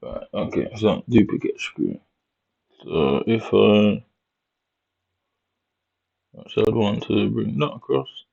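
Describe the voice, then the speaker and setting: A man's voice: on the low side, animated, takes it slowly, gravelly, pauses often, a little mellow, breathy edge. A man from Jamaica with a Jamaican accent, muttering to himself with swearing and slang as he comments casually on his screen. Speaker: vlogger. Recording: dull lo-fi recording.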